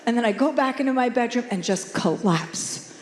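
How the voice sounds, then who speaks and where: A woman doing stand-up, telling a story in a deadpan way and laughing at her own lines. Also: a little high, normal speed. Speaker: stand-up comedian. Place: theater stage before a live audience. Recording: roomy hall reverb with background noise.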